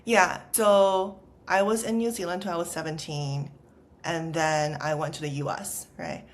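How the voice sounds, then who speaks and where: Low-voiced woman with a Valley girl accent. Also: fairly even intonation, unhurried. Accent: Los Angeles Valley girl. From China. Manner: chatty, peppered with "like" fillers. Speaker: podcast guest, startup founder. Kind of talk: casual conversational interview.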